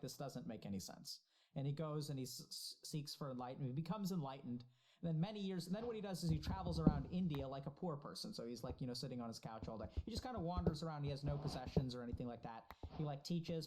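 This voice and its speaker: Man telling a story through loud noise. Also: mid-range voice. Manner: loose, profane storytelling with many fillers. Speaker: storyteller and mentor. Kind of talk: casual conversation.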